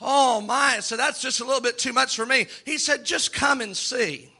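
A man preaching in a church with a very high, very bright voice. He delivers his sermon with rising fervor and acts out the people he quotes. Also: normal speed, breathy edge. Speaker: pastor.

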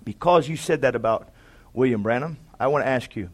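A man preaching a sermon, swinging from loud, fervent exhortation to quiet, conversational storytelling and calling to the congregation for amens. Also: mid-range voice, brisk.

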